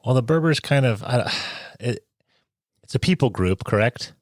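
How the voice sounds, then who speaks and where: A man hosting a travel podcast, jokey and quick to laugh. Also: medium pitch, expressive, no room sound, studio quality. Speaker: podcast host. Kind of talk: casual podcast chat. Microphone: podcast microphone.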